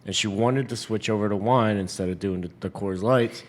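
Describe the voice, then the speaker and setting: A man's voice: fairly low pitch, brisk. A young man, back from the military, telling crude stories between bursts of laughter in a casual podcast chat. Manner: storytelling, laughing often, crude and loose.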